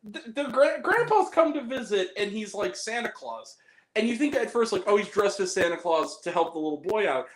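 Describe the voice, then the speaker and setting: A man's voice: sits high, normal speed. Guy ranting about a bad movie on a podcast, swears a lot, laughs a lot, voice jumps all over, roomy sound. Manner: animated, swears freely, laughs often. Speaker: podcast guest. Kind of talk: casual film review chat. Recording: roomy echo.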